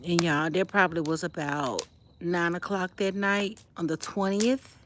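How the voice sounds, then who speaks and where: Woman livestreamer, chatty, talks right to viewers, slightly low voice, phone stream outdoors with clear background noise. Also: fairly even intonation, measured pace, a bit bright. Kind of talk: casual livestream chat and personal storytelling. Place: outdoors by a fire on a cold windy night.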